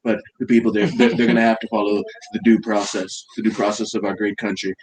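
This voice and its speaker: A man's voice: lowish voice, little pitch movement, fast talker, noisy background, close to an everyday voice. A man doing a comedic impression of a boastful older male politician who keeps repeating his superlatives. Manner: repeats phrases, sweeping boasts.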